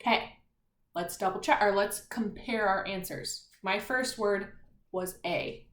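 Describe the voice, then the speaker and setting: Slow, patient teacher woman in an echoey room. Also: mid-range voice. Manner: patient and encouraging, sounding words out letter by letter. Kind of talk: slow, clear remote spelling lesson for children.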